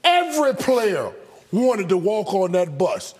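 A man's voice: sits high, sing-song, slow pace, darkish tone, breathy edge. A man on a studio panel, speaking emphatically and often repeating his phrases. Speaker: analyst. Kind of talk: studio discussion.

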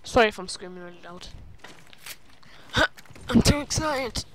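A woman giving playful, excitable commentary over her own gameplay, breaking into silly chatter and squealing outbursts. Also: a little high, measured pace, heavy background noise. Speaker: gaming video creator.

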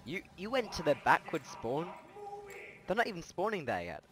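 A man chatting casually while playing a game with a friend, excitable, often stammering and repeating himself. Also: fairly high pitch, moderate pace, a crowd in the background. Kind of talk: casual gameplay chat.

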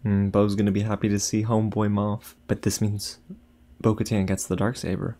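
A young man hosting a casual reaction video, talking excitedly to his viewers with lots of exclamations. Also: on the low side, moderate pace. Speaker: YouTube reaction host.

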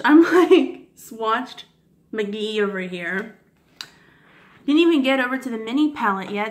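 A woman beauty vlogger swatching makeup for her viewers, gushing and giddy, often apologizing for her technique and dropping into soft whispers. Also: on the high side. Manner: gushing, giddy, keeps addressing viewers as guys. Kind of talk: casual makeup swatch review.

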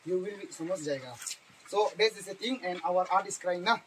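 Brief: man, plays a teacher in a comedy skit, broken English, stumbles and repeats, light hiss behind. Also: high voice. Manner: broken English mixed with Hindi, halting, repeats words. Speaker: comic playing a teacher.

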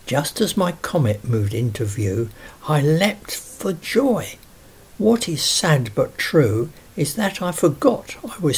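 A man's voice: medium pitch, darkish tone, husky, full character voice. A man voicing a sad, scholarly young ghost in a storybook reading, telling his woes tearfully.

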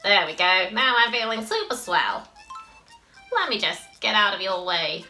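A woman's voice: mid-range voice, animated, measured pace, sharp tone, faint music behind, rough recording. A woman voicing a worn-out little male game creature in a nasal, weary voice. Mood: cheerful. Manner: weary, sighing lines.

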